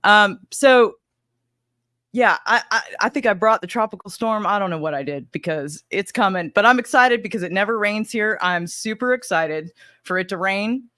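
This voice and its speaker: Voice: medium pitch, normal speed, pushed and bright, no echo, studio quality. A livestream host with a slight Southern US accent, chatting casually and rambling while greeting viewers by name. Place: home in Arizona.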